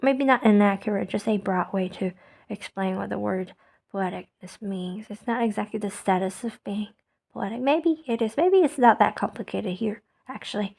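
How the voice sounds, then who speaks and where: A woman who speaks English as a second language, thinking aloud in a casual monologue with many fillers and restarts, often trailing off quietly. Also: mid-range voice, moderate pace, vocal fry. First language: not English. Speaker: podcaster.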